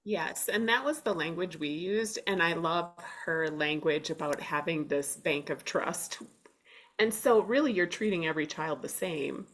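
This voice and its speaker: A woman's voice: on the low side, measured pace, fairly bright tone. A middle-aged woman co-hosting a parenting podcast, reflecting on her own experience in casual conversation. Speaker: podcast co-host. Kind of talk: conversational interview.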